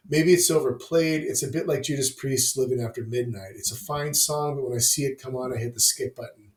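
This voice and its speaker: A man of middle pitch hosts an opinionated album review, swearing freely and tossing in dry jokes. His voice carries a roomy echo around it. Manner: enthusiastic, profane, wry asides. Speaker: music review host.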